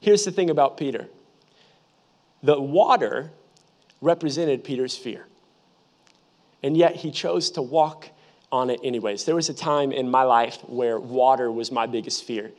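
A young man in his twenties, a pastor giving a lively, humorous sermon full of personal storytelling. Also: mid-range voice, unhurried, pauses often. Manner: animated, humorous, conversational preaching.

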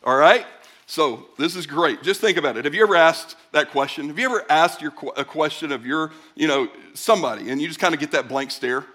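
A man's voice: on the high side, brisk. A middle-aged man preaching a sermon, talking casually to the congregation and acting out little exchanges in other voices. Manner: conversational, animated preaching with acted-out voices. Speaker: pastor.

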